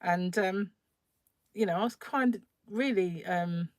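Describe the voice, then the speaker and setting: A woman's voice: medium pitch, unhurried, no room sound, clean studio sound. A middle-aged woman, chatting casually on a crochet live stream, laughing often and greeting viewers by name. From England, North London.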